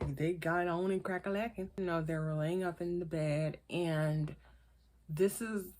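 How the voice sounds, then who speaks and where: A woman casually recapping a reality show, chatty and opinionated and throwing in quick asides. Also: fairly low pitch, steady tone, a little mellow. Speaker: reality TV reviewer. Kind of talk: casual gossip commentary.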